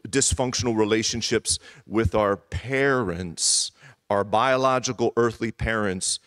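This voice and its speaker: A middle-aged male pastor giving a sermon in church, emphatic and repeating key phrases, sometimes dropping to a hushed voice. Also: fairly low pitch, unhurried, clean tone, dry recording.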